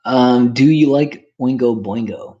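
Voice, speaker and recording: A man's voice: mid-range voice, a little slow, warm tone, muffled recording. Rambling, profane man. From Canada. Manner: rambling, profane, reacts to chat messages. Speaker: streamer. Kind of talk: casual livestream chat.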